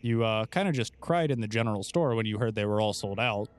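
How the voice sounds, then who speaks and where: A man's voice: fairly low pitch, expressive, quick pace, no echo. A man narrating as game master for a tabletop game, rambling and playful, with many fillers and restarts.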